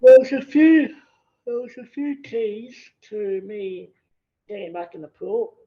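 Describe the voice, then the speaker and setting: A man's voice: high-pitched, animated, a little slow, mellow, dull audio. A man in his thirties, a podcast guest telling his story in a joking, self-deprecating way and laughing easily. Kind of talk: casual interview chat.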